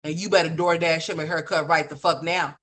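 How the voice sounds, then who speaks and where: A woman's voice: brisk, slight background noise. A woman hosting a livestream, giving profane, brash, scolding commentary full of slang. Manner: animated, swings between loud and low. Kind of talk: ranting commentary.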